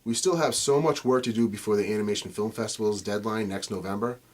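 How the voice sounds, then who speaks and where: A man's voice: fairly low pitch, fast. Man explaining his cartoon voices. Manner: relaxed, plain explaining with fillers. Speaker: voice actor and co-creator. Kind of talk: behind-the-scenes narration.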